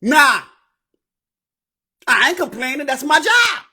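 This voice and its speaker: A man hosting his own show, delivering a profane, animated advice rant that bursts into shouting. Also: very high-pitched, takes it slowly. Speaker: show host. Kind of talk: ranting advice monologue.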